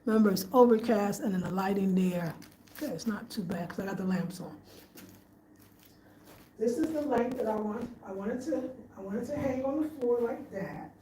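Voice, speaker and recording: In a home design vlog, a woman casually shows off her living room, thinking out loud and often repeating herself. Her mid-range voice is dark-toned at a moderate pace, in an echoey room with faint background noise.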